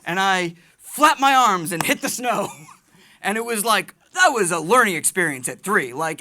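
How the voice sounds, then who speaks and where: A man from the United States, an Army veteran, doing stand-up comedy storytelling in an animated, excitable way. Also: high voice, normal speed. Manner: animated, excitable, jumps between voices.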